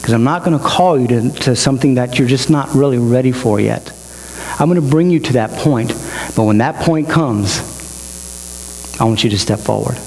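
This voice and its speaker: A male pastor voicing God as a patient, gentle figure who speaks reassuringly in a sermon. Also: mid-range voice, normal speed, creaky, close to an everyday voice. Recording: reverberant hall with mains hum.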